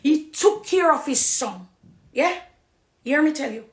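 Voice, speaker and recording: A middle-aged Jamaican woman giving an impassioned personal testimony on a live stream, preachy, swinging between hushed confiding and loud accusing. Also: high voice, expressive, measured pace, roomy sound. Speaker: dancehall artist on a live stream.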